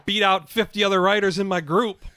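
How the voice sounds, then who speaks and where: A man co-hosting a comedy podcast from a home setup, chatting in casual banter, excitable, laughing a lot and swearing freely. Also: high-pitched, fairly quick, dry recording. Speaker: podcast co-host. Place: home studio at co-host's house.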